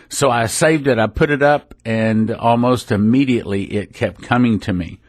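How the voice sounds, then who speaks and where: A man's voice: mid-range voice, moderate pace, few pauses, no echo. Folksy man, dry studio sound. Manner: folksy, rambling, self-interrupting. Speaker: radio ministry host. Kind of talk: casual religious radio talk. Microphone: studio microphone.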